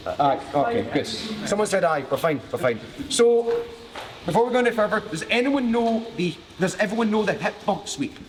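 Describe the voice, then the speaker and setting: A man's voice: sits high, sing-song, normal speed, big-room sound, crowd noise. A man from Glasgow with a broad Glaswegian Scottish accent, teaching a live martial arts class in a jokey, cheeky way and swearing freely. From Glasgow, Scotland. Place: training mat with a class around him.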